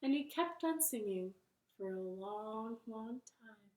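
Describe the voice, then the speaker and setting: A woman reading a picture book aloud for children's storytime, slowly and expressively, from her living room. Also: fairly high pitch, roomy sound. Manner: slow, expressive, playful. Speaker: library storytime reader.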